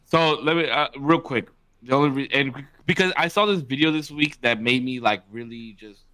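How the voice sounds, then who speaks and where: A man's voice: medium pitch, normal speed, pushed and bright, smooth. A man co-hosting a podcast, chatting loosely in bursts with plenty of swearing. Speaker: podcast co-host. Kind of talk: casual chat.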